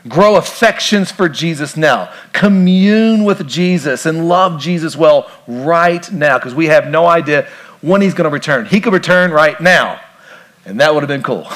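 A pastor delivers a relaxed sermon, firing questions at the congregation and slipping in jokes. His voice sits a little on the high side for a man. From grew up on a farm.

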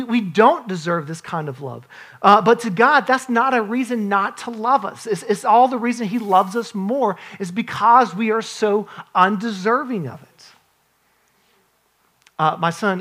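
A man's voice: sits high, pushed and bright. A man in his forties, a pastor, preaching an earnest, conversational sermon with frequent restarts and asides.

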